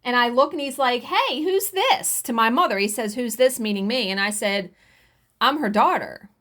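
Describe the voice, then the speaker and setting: A woman in her forties telling a story casually while stitching, animated, swearing freely and acting out what others said. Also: on the high side, moderate pace. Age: 40s. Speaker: cross-stitch vlogger.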